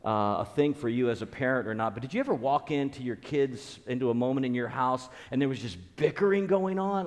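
A man's voice: mid-range voice, expressive, fairly quick, hardly any pauses, a little mellow, long reverb tail. A man preaching a conversational sermon as a pastor, earnest, repeating key phrases and restarting his sentences.

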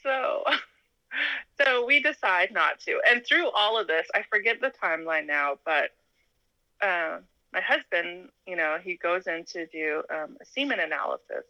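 A woman from Alaska tells her own story in a relaxed, chatty way, often laughing and acting out the lines of the people in it. Her voice is fairly low for a woman but bright and forceful, and the recording is dry and close. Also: unhurried, no room sound, rough recording. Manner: animated, laughs often, acts out quoted dialogue. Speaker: interview guest. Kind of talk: casual storytelling.

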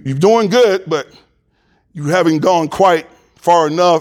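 This man preaches as a pastor, reading passages of scripture out loud. To emphasize his points, he gets louder and climbs in pitch.

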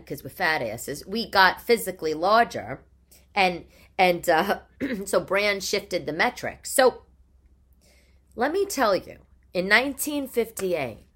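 Woman, podcast host, casual monologue, bright tone, lively pitch. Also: takes it slowly. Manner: chatty and animated, with rhetorical questions. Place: living room at home.

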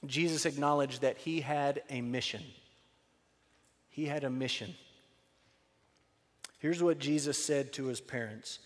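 A man's voice: medium pitch, steady tone, measured pace, long pauses, long reverb tail. A man preaching a sermon as a pastor, telling a story with emphasis and dropping to an earnest tone for key points.

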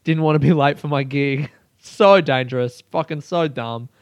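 A man tells a personal story in a loose, animated monologue, swearing freely. His voice sits a little high and stays smooth and clear. The recording is close and dry. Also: normal speed, dry recording. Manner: animated and profane, with frequent laughter. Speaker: solo storyteller.

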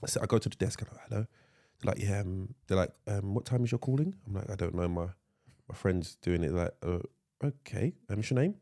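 A man's voice: lowish voice, fairly quick, mellow. A man co-hosting a casual podcast, swearing freely and repeating words as he gets a sentence going. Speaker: podcast co-host. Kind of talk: casual chat.

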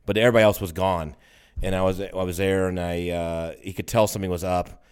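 A man speaks in an easygoing, conversational way. His voice is fairly low, and his story wanders with frequent restarts. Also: fairly even intonation, fast, clear, resonant tone. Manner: rambling personal storytelling with restarts. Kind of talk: casual chat.

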